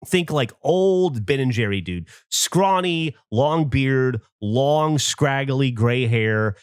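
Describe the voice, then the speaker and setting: A man's voice: medium pitch, no room sound, studio quality. A man in his thirties hosting a podcast, telling a story in casual chat and acting out the voices of the people in it. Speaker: podcast host.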